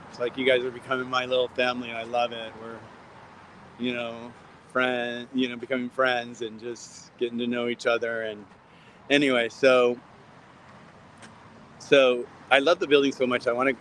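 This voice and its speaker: Guy vlogging on the street, mid-pitched, rambles and repeats himself, talks right to the viewers, traffic faint in the background. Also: fairly bright tone, low-quality recording. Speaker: vlogger filming outside a building. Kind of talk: casual walk-and-talk vlog. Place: outdoors on a city street.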